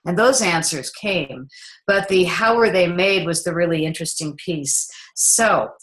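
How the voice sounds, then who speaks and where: A middle-aged woman filmmaker telling a story in an interview, lively and acting out the dialogue. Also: on the low side, a little slow, poor audio. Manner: animated, acts out the dialogue in her stories.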